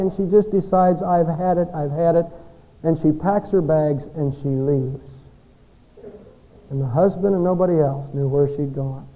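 A man preaching a Christmas sermon, telling a story and swinging between loud peaks and hushed endings. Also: high voice, lo-fi sound. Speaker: pastor.

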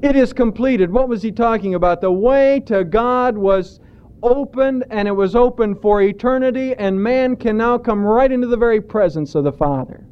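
A man preaching a sermon in a deliberate way, drawing out emphatic words. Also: high-pitched, clean tone, dull audio. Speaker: pastor.

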